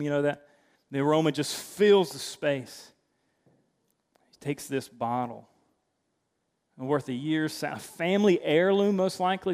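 A man with a fairly high voice delivers a sermon in a loose, conversational way, often restarting his phrases. He sounds like a pastor speaking from the front of a church. A long reverb tail hangs behind his voice. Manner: conversational preaching with frequent restarts.

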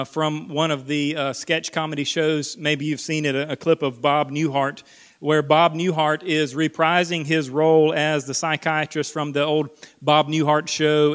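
A pastor preaches a sermon in a voice slightly higher than usual. He is earnest, repeating words for emphasis and dropping to a hush on key points.

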